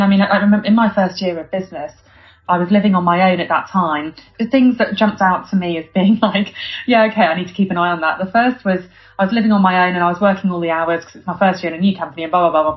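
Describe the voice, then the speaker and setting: A woman from Britain hosting a podcast interview, chatty and quick to laugh, with lots of fillers. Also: fairly low pitch. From United Kingdom. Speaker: podcast host. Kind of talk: conversational interview. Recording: dull lo-fi audio.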